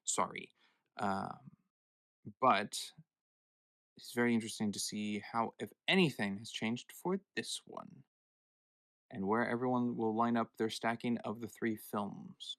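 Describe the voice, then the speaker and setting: A man's voice: fairly low pitch, measured pace, long pauses, fairly bright tone, no echo. A man hosting a film podcast, chatting casually and handing turns to his co-hosts, often correcting himself. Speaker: podcast host. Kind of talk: casual chat.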